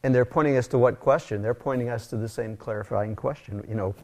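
A man's voice: mid-range voice, fast talker. A middle-aged man preaching a conversational sermon, telling stories with casual asides. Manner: casual, animated, storytelling with asides. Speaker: pastor.

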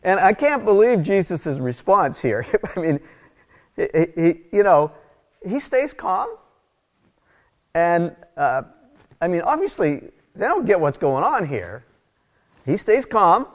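Animated, chatty middle-aged preacher. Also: male voice, sits high, slow, long pauses. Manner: casual, animated, storytelling with asides. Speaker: pastor. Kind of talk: conversational sermon.

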